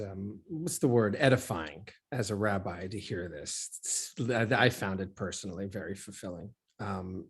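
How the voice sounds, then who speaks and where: A man's voice: lowish voice, husky. A man, a rabbi, leading a casual study group, enthusiastic and asking the group questions.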